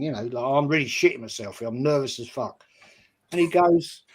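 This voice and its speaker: On a video call, an older English stream guest shares a laid-back anecdote, cursing freely and impersonating the people in it. His voice is medium in pitch and a little fast.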